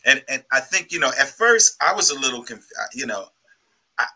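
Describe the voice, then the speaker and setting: A man, an actor, speaking haltingly about his co-star in an interview. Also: medium pitch, sing-song, pushed and bright, slight background noise, rough recording. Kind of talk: interview answers.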